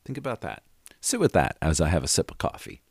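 A man's voice: deep voice, huge pitch swings, quick pace, vocal fry, darkish tone, slightly rough, no room sound, clean studio sound. A middle-aged man hosting a motivational podcast, talking in an earnest, conversational way with emphatic repetition and the odd swear word. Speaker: podcast host and life coach. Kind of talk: casual motivational monologue.

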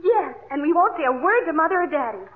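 An actress playing a gushing, theatrical young adult daughter in a 1950s radio comedy. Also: female voice, very high voice, expressive, fast talker, background noise. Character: young adult daughter, dramatic and boy-crazy. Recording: tinny vintage radio broadcast.

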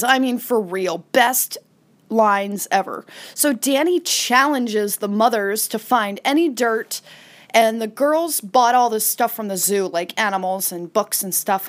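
A woman with a fairly high voice hosts a podcast, retelling a sitcom episode in a loose, chatty way. She now and then slips into a quick acted-out line before going back to her easy recap. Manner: chatty, retells scenes with brief acted-out quotes. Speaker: podcast host.

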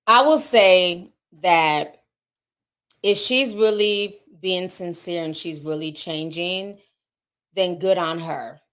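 A woman's voice: lowish voice, fairly bright tone. A woman commentator in casual chat, talking bluntly and with animation, swearing freely.

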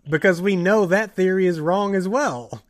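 A man's voice: high voice, moderate pace, no room sound. A man hosting a podcast, telling a rambling story in casual chat with plenty of restarts. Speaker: podcast host.

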